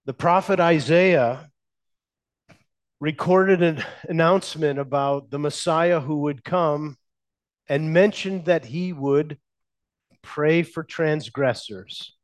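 A man preaching a sermon as a pastor, speaking in slow, measured phrases with emphatic pauses and asking the congregation questions. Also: on the high side.

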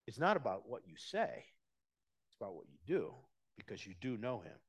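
A man preaching a sermon, talking conversationally and swinging between hushed, low passages and emphatic, raised ones. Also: big pitch swings, moderate pace, slightly rough. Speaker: pastor.

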